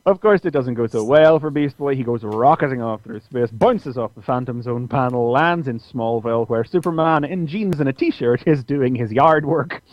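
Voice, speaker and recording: A man's voice: moderate pace, hardly any pauses. A man co-hosting a podcast, casually retelling a comic with many restarts and fillers. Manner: animated retelling, puts on squeaky voices for characters. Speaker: podcast co-host reviewing comics. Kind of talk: casual chat. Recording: dry, dull lo-fi audio.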